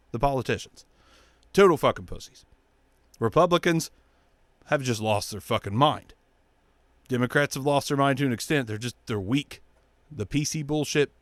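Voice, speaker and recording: A man hosting his own show, ranting bluntly about politics with heavy swearing and mocking, squeaky impressions of other people. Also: dry recording. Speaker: show host. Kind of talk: profane political rant.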